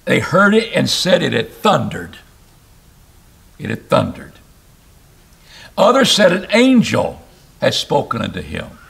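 A man preaching an expository sermon, reading scripture aloud and explaining it, with emphatic rises and sudden low drops. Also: unhurried, gravelly, pauses often. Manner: animated, rising to emphatic bursts and dropping low.

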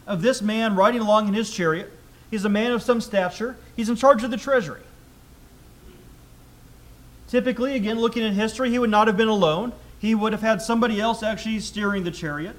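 A man preaching a sermon in a conversational way, asking rhetorical questions and reading scripture aloud more loudly. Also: sits high. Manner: reads scripture aloud louder.

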